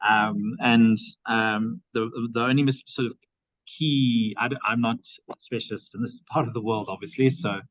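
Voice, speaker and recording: A man's voice: medium pitch, steady tone, moderate pace, fairly bright tone, dry recording. Male seminar chair, hesitant with many fillers, dry dull lo-fi audio. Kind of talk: academic seminar discussion.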